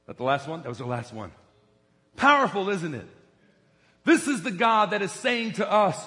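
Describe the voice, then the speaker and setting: A high, bright-toned male pastor preaching a sermon, emphatic and throwing questions out to the congregation. His voice rings with a long church reverb around it. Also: sing-song, normal speed.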